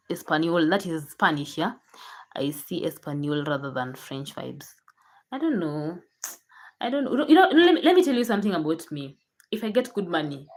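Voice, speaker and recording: Kenyan girl talking to her subs, low-ish voice, kinda rambly, keeps restarting. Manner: chatty, repeats herself, frequent restarts. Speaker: YouTuber. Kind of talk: casual chat to camera.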